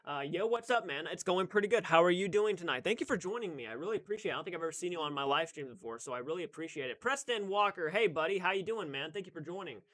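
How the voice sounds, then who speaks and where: A man's voice: high voice, animated, fast, few pauses, fairly bright tone. A young man hosting a casual live stream, chatting and greeting viewers by name, often restarting his sentences.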